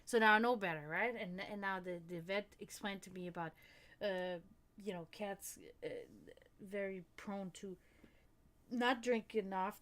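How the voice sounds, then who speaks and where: A woman hosting a livestream, chatting casually and rambling, swearing often and laughing a lot. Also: medium pitch. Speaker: stream host.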